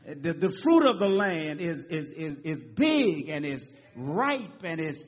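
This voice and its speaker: Emphatic preacher with a raised voice. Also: male voice, fairly high pitch, very animated, slow pace. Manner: emphatic call-and-response preaching with frequent amens. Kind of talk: sermon. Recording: dull lo-fi recording.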